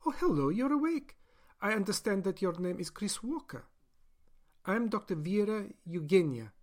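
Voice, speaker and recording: A cold, clipped woman scientist with a sugary, prim politeness, as a male narrator puts her on, pitched high above his own voice. She sounds reasonable while saying ruthless things. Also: sing-song, normal speed, a little mellow. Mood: falsely sweet. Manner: prim, clipped and falsely friendly. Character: brisk, coldly polite woman scientist, middle-aged.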